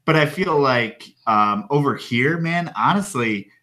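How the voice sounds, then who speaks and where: A man doing a podcast host, bright forceful voice, hesitant, lots of likes and ums. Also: mid-range voice, lively intonation, measured pace. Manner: hesitant, many fillers. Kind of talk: casual podcast chat.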